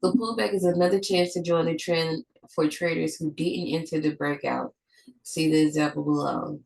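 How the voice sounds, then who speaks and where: A woman's voice: low-pitched, fairly even intonation, normal speed, vocal fry, darkish tone, low-quality recording. A woman with a stuffed-up nose, reading a trading lesson from her notes, with slips and restarts. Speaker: trading educator.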